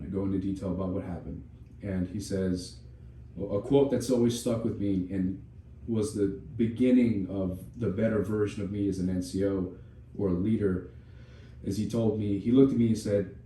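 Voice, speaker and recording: A man's voice: low-pitched, fairly even intonation, moderate pace, warm tone, far from the mic, a little hiss or hum. A young man on a podcast telling a personal story in a candid, profane way, often restarting his sentences. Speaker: podcast co-host. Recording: echoey room, voice off-mic.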